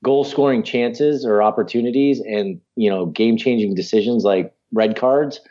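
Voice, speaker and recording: A man co-hosting a casual sports podcast, arguing his points in an animated way with the odd curse word. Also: medium pitch, moderate pace, dull audio. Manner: animated, argumentative, mild cursing. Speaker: podcast co-host.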